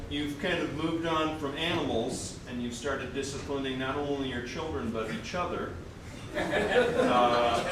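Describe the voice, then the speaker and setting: A man hosting and performing in a live improv comedy show, talking haltingly with many fillers and restarts. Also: mid-range voice, background noise. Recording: echoey room mic from far off.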